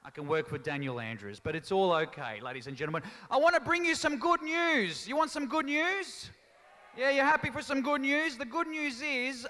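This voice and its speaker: A man's voice: very high-pitched, lively intonation, fairly quick, pushed and bright. A man doing live stand-up comedy and teasing the crowd, mixing in Italian phrases. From Australia. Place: large town hall stage. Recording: long reverb of a hall.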